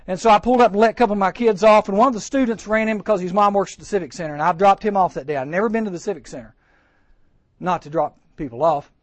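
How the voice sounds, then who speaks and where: A man preaching a storytelling sermon at a teen camp chapel, animated and acting out the voices he quotes. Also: sits high, fast talker, dry recording.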